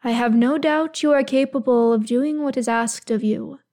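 Woman doing a stern elf lord, formal and measured, a bit high, fanfic reading. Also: dark tone, lightly acted. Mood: firm, stern. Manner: measured, formal, firm then soothing. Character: older male elf lord, stern yet caring.

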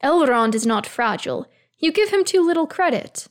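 A woman's voice: high-pitched, expressive, moderate pace, pitched above the performer's own voice. A woman voicing a proud, stubborn male elf king who speaks insistently and defensively. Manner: insistent, bristling.

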